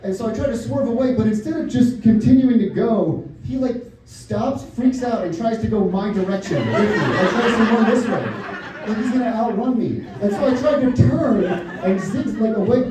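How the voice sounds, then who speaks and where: High-voiced excitable male stand-up comic. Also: normal speed, hardly any pauses, some chatter behind, a little hiss or hum. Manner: excitable, self-mocking storytelling with swearing. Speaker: stand-up comedian. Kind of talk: live stand-up storytelling. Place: comedy club stage with audience. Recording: echoey club sound from far off with audience laughter.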